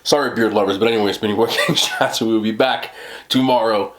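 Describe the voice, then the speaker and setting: A man's voice: fairly low pitch, fairly even intonation, fast. A tired man from New York rambling casually to his camera at home late at night, chatty and self-deprecating, laughing often. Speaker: mukbang vlogger.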